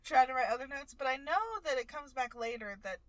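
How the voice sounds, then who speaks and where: A woman's voice: sits high, animated, fairly quick, crowd noise. A young woman co-hosting a podcast, chatting candidly about a TV show, swearing freely and laughing often. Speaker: podcast co-host. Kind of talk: casual chat recapping a TV show.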